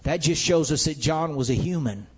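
A man's voice: on the high side, lively intonation, normal speed, breathy edge. A man preaching a sermon with an emphatic, repetitive cadence, building his points through rhetorical questions.

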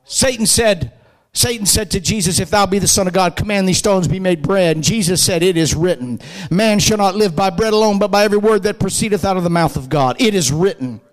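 A man preaching a fervent sermon, building to shouted emphasis and leading the congregation in call-and-response. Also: sits high, animated, brisk, rough recording. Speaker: pastor.

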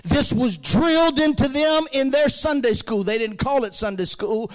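A male pastor with a notably high voice delivers a sermon. He quotes scripture at length, climbing to shouted emphasis and then dropping to low, quiet lines. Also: lively intonation, moderate pace.

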